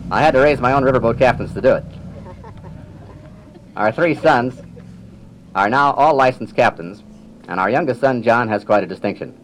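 An older man, a riverboat captain, reminiscing in a measured storytelling manner with dry humor and frequent throat clearing. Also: mid-range voice, slight background noise, low-quality recording. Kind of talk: reminiscing public talk.

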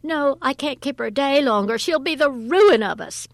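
A woman reading aloud, voicing a frantic housewife who complains in a high, exasperated voice. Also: expressive, moderate pace, creaky, dry recording, studio quality. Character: shrill frantic middle-aged housewife.

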